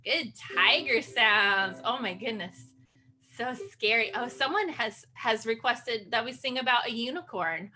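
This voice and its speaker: A woman's voice: high-pitched, sharp tone. A woman leading an online children's sing-along, speaking in a playful, encouraging way with gasps and animal noises over a video call.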